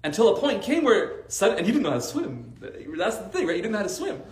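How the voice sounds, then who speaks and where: Here is a high-sitting voice belonging to a fast-talking man in a roomy space. An Arabic teacher, he's giving a casual religious talk to a faith circle, telling stories animatedly with many "like" fillers.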